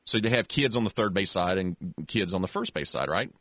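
A man telling a long childhood story in a relaxed, casual chat, full of restarts and little voices for other people. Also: deep voice, fairly quick, no echo, clean studio sound. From American South. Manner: animated storyteller with many restarts, acts out voices.

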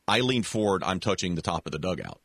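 A man telling a long childhood story in a relaxed, casual chat, full of restarts and little voices for other people. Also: low voice, fast, gravelly, no room sound, clean studio sound. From American South. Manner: animated storyteller with many restarts, acts out voices.

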